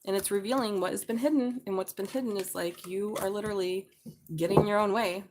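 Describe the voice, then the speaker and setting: A woman's voice: medium pitch, fairly even intonation, fairly quick, noisy background. A middle-aged woman giving a live tarot reading in a casual, chatty way, swearing freely and laughing often. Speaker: tarot reader.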